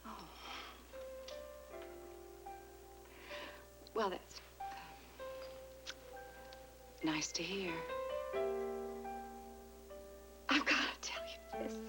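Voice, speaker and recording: An actress playing a proud, fiery middle-aged woman going through menopause, who talks in a prim, articulate way and snaps sharply. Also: on the high side. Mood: flustered. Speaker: sitcom lead character. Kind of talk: 1990s sitcom acting. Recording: hissy old TV broadcast recording.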